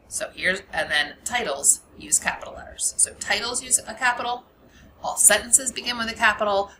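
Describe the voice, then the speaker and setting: Patient woman teacher, noisy recording. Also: mid-range voice. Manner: patient, explains step by step, repeats key points. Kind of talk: classroom grammar lesson.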